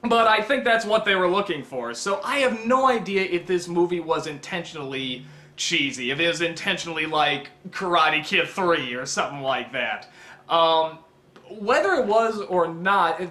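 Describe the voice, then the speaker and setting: A man's voice: on the high side, animated, normal speed, bright, forceful tone, reverberant. A man giving a casual spoken film review, rambling with lots of ums and frequent chuckles.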